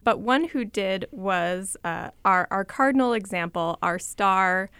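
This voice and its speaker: Gravelly-voiced woman radio reporter. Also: medium pitch, animated, measured pace, a bit bright, no room sound. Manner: conversational, explains the project. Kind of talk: scripted radio narration.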